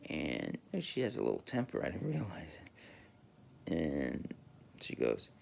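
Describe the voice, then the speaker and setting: A man rambling through a casual monologue, halting often with fillers and restarts and chuckling as he talks. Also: rumbling low, huge pitch swings, creaky, a little mellow, slight background noise. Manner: chuckles while talking. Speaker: podcaster.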